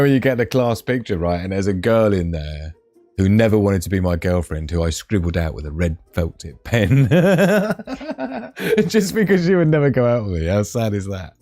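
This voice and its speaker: A man's voice: medium pitch, darkish tone. A middle-aged British man hosting a live stream, reading viewer comments aloud in a jokey, chatty way and laughing often. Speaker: livestream host.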